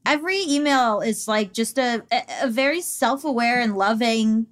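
A woman co-hosting a podcast in casual chat, relaxed and candid in her speech. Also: fairly high pitch, normal speed. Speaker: podcast co-host.

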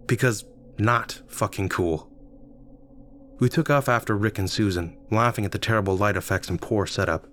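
Man, low voice, casual wry story narration, faint background hiss. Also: fast talker, few pauses. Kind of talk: first-person story reading.

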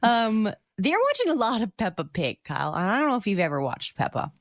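A woman's voice: mid-range voice, very animated, a little fast, no room sound. A woman co-hosting a radio show in casual banter, laughing often mid-sentence, on a close studio mic. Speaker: radio co-host.

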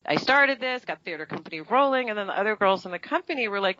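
A woman actress talking through her career in a casual interview. Her voice is bright and carries a lot of movement as she acts out quotes. The sound is dry and a little dull. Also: fast, no echo. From New York. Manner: animated storytelling, acting out quotes with big pitch jumps. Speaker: actress and guest.

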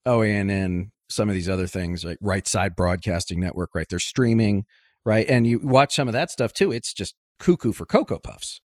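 A man's voice: lowish voice, normal speed, no room sound. Man hosting an interview, dry close sound. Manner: long, winding questions with asides. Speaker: podcast host. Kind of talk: conversational interview questions.

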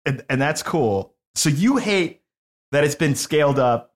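A man's voice: fairly high pitch, expressive, a little slow. Man, co-host, playful banter, swinging intonation. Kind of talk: casual chat.

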